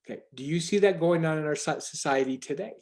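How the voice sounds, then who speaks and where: A man with a fairly high voice talks on a video call. He rambles and stresses his points hard, often stopping and starting his sentences over. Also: fast. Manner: rambling, emphatic, frequent restarts. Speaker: call organizer. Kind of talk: casual group video call talk.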